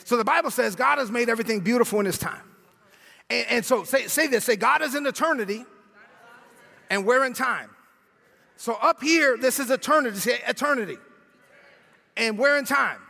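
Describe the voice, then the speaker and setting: Man, Brooklyn accent, pastor, husky raspy voice, shouting sermon, long hall reverb. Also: very high-pitched, a little fast. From Brooklyn, New York. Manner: energetic, shouting, conversational with slang and repetitions.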